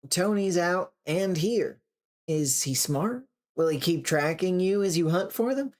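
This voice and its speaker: A reader doing a gentle, coaxing older woman. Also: medium pitch, lively intonation, measured pace, voice pushed up, close to an everyday voice. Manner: gentle, coaxing, calls people darling.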